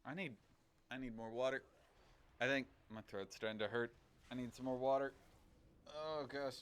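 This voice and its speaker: A man chatting casually as a game streamer on a livestream, rambling and thinking out loud. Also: mid-range voice, fairly even intonation, a little fast, clear, resonant tone. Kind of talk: casual livestream chat while gaming.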